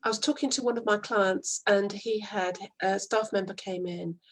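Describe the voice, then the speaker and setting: Woman, husky, firm, emphatic, coaching guest. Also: medium pitch, fairly even intonation, moderate pace, low-quality recording. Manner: firm, emphatic, acts out example dialogue. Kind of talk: interview over a call.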